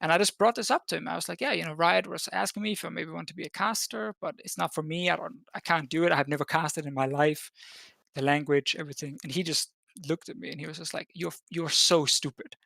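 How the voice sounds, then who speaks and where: A man's voice: fairly high pitch, fast talker, vocal fry, pushed and bright, no echo. A man from Denmark, a podcast guest, telling a long story in a casual chat, full of fillers and restarts. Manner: rambling, with many fillers and restarts. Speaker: podcast guest, esports caster.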